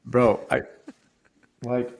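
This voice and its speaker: A man in his thirties, a podcast co-host, telling a story in casual chat with lively acted-out quotes. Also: medium pitch, extremely slow. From Florida resident. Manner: animated storyteller, acts out quotes loudly.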